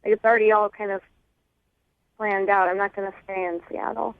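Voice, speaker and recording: A woman's voice: medium pitch, flat delivery, brisk, no echo. A woman speaking on a phone call to a radio show, hesitant and filling her speech with "like". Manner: hesitant, lots of "like" fillers. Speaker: caller. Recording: tinny phone line.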